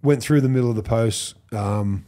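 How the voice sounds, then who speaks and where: Australian man, fifties, storytelling podcast guest, animated, acts out quotes, casual swearing. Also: mid-range voice, normal speed. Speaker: podcast guest, former rugby league player.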